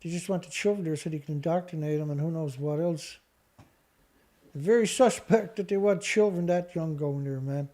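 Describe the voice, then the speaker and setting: Angry host, mellow dark tone. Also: medium pitch, normal speed. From Canada. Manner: angry, sarcastic, insulting, talks back at the headlines. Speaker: online show host. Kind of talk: reading news items and ranting about them.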